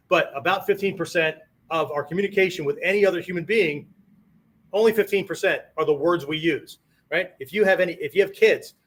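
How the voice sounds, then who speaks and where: Male martial arts teacher, somewhat high voice, chatty lecturing with constant "right?" and "okay?" check-ins. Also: fairly bright tone. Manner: conversational, peppers sentences with "right?" and "okay?"; demonstrates tones of voice on quoted phrases.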